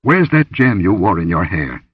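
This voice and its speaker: A man voicing a blunt, commanding barbarian warrior in an audiobook, gruff and grunting. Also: low voice, very animated, moderate pace, no echo, recorded from a distance, narrow, tinny audio, full character voice.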